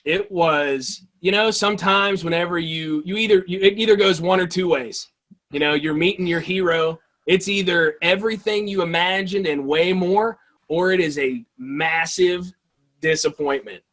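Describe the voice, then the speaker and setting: A man tells lively stories as a guest on an interview show. His voice sits a bit high for a man. He talks with animated enthusiasm, casual and eager. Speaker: guest, toy-hunting video creator.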